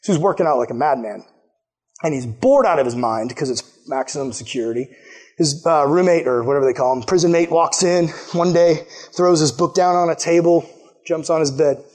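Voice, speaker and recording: A man preaching a casual sermon, telling a story and acting out quotes in lively put-on voices. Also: on the high side, brisk. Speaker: pastor.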